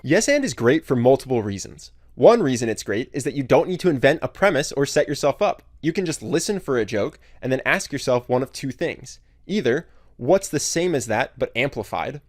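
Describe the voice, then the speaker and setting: A man giving scripted narration in a clear, explanatory way. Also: mid-range voice, very animated, fairly quick, few pauses, no echo, clean studio sound.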